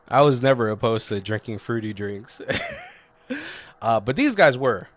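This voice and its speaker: A man's voice: medium pitch, lively intonation, normal speed, long pauses, no room sound. A man co-hosting a casual movie review podcast, retelling scenes with loose impressions and laughing often. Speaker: podcast co-host.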